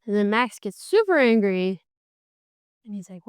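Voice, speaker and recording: A woman hosting a book podcast, giving a casual, animated recap and slipping into characters' lines as she goes. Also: mid-range voice, a little slow, long pauses, clean tone, no echo.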